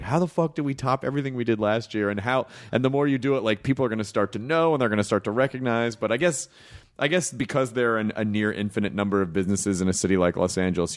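A man in his thirties hosting a podcast, joking crudely through a loose, casual chat. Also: fairly low pitch. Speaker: podcast host. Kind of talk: casual comedic interview chat.

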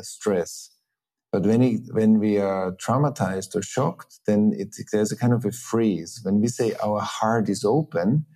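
Low, mellow-voiced man musing slowly. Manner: thoughtful, halting, many restarts and fillers. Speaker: host. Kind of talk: reflective conversation.

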